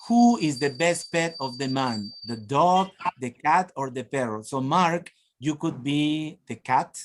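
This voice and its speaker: Slow encouraging male teacher trainer. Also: medium pitch, expressive, slight background noise. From Peru. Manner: encouraging, frequent laughs and prompts. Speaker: teacher trainer presenting a webinar. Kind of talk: lively workshop teaching.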